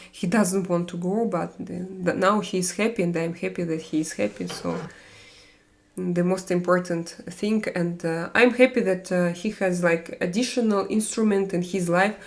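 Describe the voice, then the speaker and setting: A woman from Russia with a Russian accent, hosting a live stream and chatting with viewers, halting with many fillers and restarts. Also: on the low side. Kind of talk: casual chat reading viewer comments.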